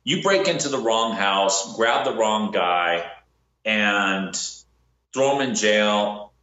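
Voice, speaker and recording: A man tells a bounty hunting story in casual podcast chat, and his pitch climbs when he acts out what people said. The room around him echoes, and the recording sounds a little dull. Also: slow pace. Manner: animated, acts out quotes with rising pitch. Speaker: bounty hunter telling a story.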